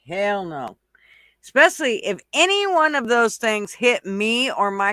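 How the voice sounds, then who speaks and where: A woman's voice: on the high side, very animated, a little slow, pushed and bright, no echo, studio quality. A woman from the American South hosting a casual livestream chat, blunt, profane and teasing with her viewers. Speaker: livestream host.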